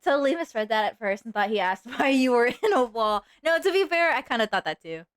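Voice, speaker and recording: A woman's voice: fairly high pitch, sing-song, brisk, clear, resonant tone, no room sound, clean studio sound. A woman chatting casually on a live stream, goofy and rambling, often poking fun at herself. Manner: goofy, rambling, self-mocking.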